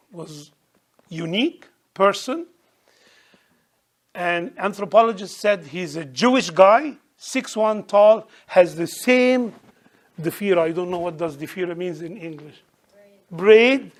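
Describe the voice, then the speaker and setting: Passionate high-voiced man. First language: Arabic. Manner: passionate, emphatic, imperfect English. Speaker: church speaker. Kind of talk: church talk and Q&A.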